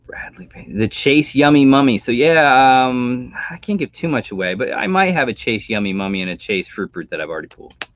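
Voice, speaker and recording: A man hosting a casual live stream, chatting in a relaxed, rambling way. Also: mid-range voice, fairly quick, dry recording. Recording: dull dry home mic sound.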